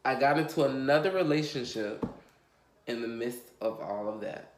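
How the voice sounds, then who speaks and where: Guy telling his storytime vlog, all over the place and cussing, mid pitch, kinda echoey room. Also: moderate pace. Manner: rambling and emotional, heavy on fillers and swearing. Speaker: vlogger. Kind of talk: confessional storytime. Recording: roomy echo.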